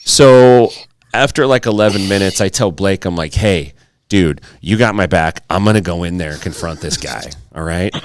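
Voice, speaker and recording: A man's voice: sits low, moderate pace, no echo. A man co-hosting a podcast, telling a story in casual chat, swearing freely and acting out the quotes. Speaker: podcast co-host.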